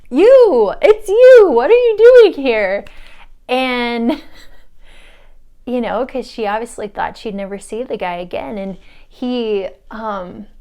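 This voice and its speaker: A young woman, a spiritual mentor, casually telling a story to the camera and acting out the quoted lines with big jumps in her voice. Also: clean tone. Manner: chatty, acts out quotes with big pitch jumps and laughs.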